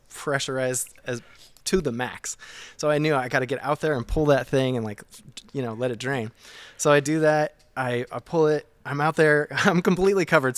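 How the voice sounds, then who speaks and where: A man telling a story as a podcast guest, animated and laughing, swinging from hushed to loud. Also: medium pitch, no room sound. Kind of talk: casual storytelling.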